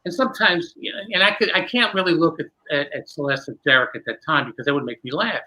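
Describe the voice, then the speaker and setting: A man, a magician guest, telling a long animated story with many restarts in a candid interview. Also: fairly high pitch, quick pace, low-quality recording.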